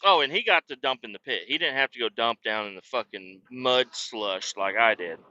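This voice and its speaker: A man's voice: medium pitch, normal speed, pushed and bright. A man hosting a podcast, telling a work story in casual, exasperated, profane rants. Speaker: podcast host. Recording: dull lo-fi podcast audio.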